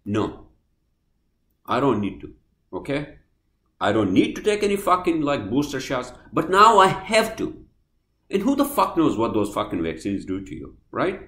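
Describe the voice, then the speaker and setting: A man hosting a podcast, ranting angrily and swearing, swinging from loud outbursts to quiet apologies. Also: mid-range voice, big pitch swings, moderate pace, roomy sound. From New Jersey, US. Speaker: podcast host. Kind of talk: heated podcast rant.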